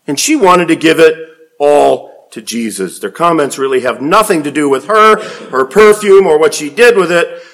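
A man preaching a sermon, swinging from quiet low passages to emphatic raised peaks. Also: expressive, normal speed. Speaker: pastor.

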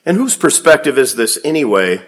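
A man preaching a sermon, swinging from quiet low passages to emphatic raised peaks. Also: sing-song, brisk. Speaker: pastor.

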